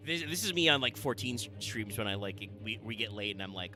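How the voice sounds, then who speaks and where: A man chatting casually while streaming a video game. He rambles, jokes and swears freely, his voice bright and forward. Faint game music sits behind. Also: on the low side, brisk. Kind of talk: casual let's-play chat.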